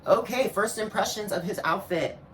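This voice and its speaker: A man's voice: mid-range voice, lively intonation, normal speed, very noisy. A man hosting a reaction video, giving sassy, snarky commentary full of slang and asides. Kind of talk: casual sarcastic commentary.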